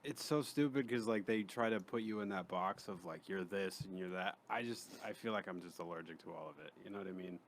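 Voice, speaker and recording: A man's voice: low-pitched, a little fast, few pauses, slight background noise. A young man guesting on a casual podcast, laid-back and hesitant, swearing casually. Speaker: comedian guest. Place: podcast studio.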